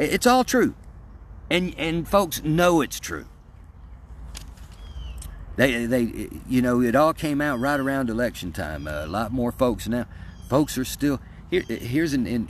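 A man's voice: mid-range voice, slight background noise. A man giving a casual opinion rant in a folksy, emphatic, rambling way, often restarting his sentences. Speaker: political commentator.

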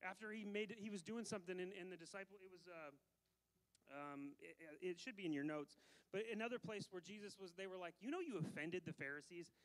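A man preaching a sermon as pastor, animated, switching between loud emphasis and quiet asides, with frequent laughs between phrases. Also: high-pitched, fairly quick, rough recording.

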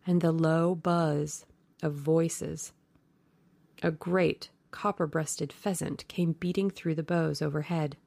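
A woman narrating a classic novel aloud in slow, measured storytelling. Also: fairly low pitch, creaky, a little mellow, no room sound. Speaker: audiobook narrator.

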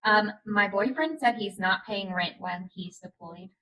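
A woman co-hosting a podcast, reading a forum post aloud in a steady, plain way. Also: mid-range voice, normal speed, crowd noise, rough recording. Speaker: podcast co-host.

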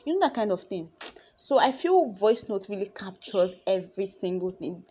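A young woman with a Nigerian accent, talking casually to her followers in a chatty, expressive way. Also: mid-range voice, normal speed, husky. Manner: chatty and expressive, acts out conversations. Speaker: vlogger.

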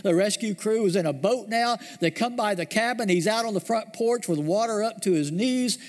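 Male pastor, higher-pitched voice, storytelling sermon with slow emphatic drops; reverberant sanctuary.

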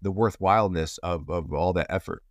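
A man's voice: deep voice, fairly quick, no echo, studio quality. A man hosting a casual interview, rambling and playful with lots of restarts. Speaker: podcast host. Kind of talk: casual conversation.

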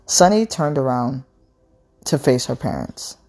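A woman with a low, deep voice reads a novel aloud at a slow, deliberate pace. Her delivery is measured and calm, and faint music plays underneath. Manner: measured, unhurried reading with small slips. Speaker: narrator reading a novel.

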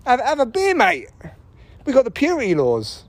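Guy putting on a squeaky cheery german dude, brushing everything off. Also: wildly swooping pitch, moderate pace, dry recording, full character voice. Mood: breezy. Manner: high, jokey, dismissive patter. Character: breezy evasive male German stereotype.

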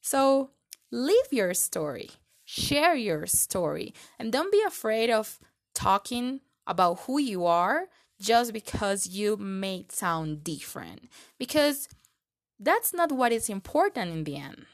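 A woman's voice: mid-range voice, very animated, takes it slowly. A woman hosting a podcast, giving an earnest, encouraging monologue with reflective questions. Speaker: podcast host.

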